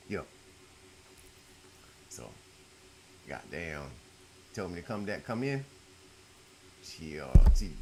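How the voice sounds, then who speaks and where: A faint hiss or hum sits under this at-home clip of a middle-aged YouTube storyteller. He relates his own experience casually and profanely, shifting between loud bursts and quiet mutters.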